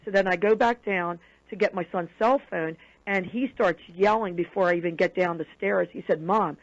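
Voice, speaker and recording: A woman guest on a radio show, telling a personal story in an animated way and acting out the quoted dialogue. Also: lowish voice, normal speed. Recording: dull lo-fi radio broadcast audio.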